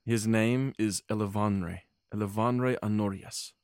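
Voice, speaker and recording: A man's voice: fairly low pitch, steady tone, a little slow, clear, resonant tone, no echo, studio quality. A man voicing a hesitant noble wood elf woman who stammers and speaks evasively, barely changing his own voice. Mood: earnest.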